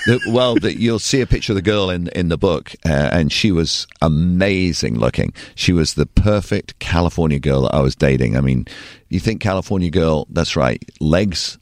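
A man with an English accent, a former radio DJ, telling animated stories in a casual interview. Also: deep voice, moderate pace, no room sound. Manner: animated, emphatic storyteller. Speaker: radio DJ guest.

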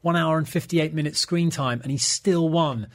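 A man's voice: fairly high pitch, moderate pace. A man hosting a casual film podcast, chatty and full of trivia. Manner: chatty, trivia-telling, laughs often. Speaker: podcast host.

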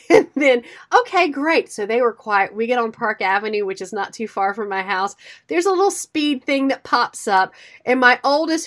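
Co-hosting a radio show, a middle-aged woman with a high-pitched voice chats casually. She tells animated stories and throws herself into every quoted line.

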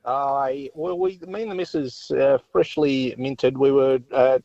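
A man's voice: medium pitch, fairly even intonation, unhurried, mellow, no room sound. An Australian man calling in to a radio show, telling a story in a chatty way. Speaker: caller. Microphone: phone. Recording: dull phone-line sound.

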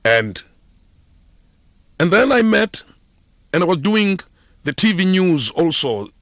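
A middle-aged South African man recounts his career as an interview guest, his voice rising and falling with a lively, expressive swing. The sound is dry and close but slightly dull and muffled. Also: high voice, takes it slowly, no room sound. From Eastern Cape, South Africa. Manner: animated, expressive storyteller. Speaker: guest, former football club PR officer. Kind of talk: radio interview storytelling.

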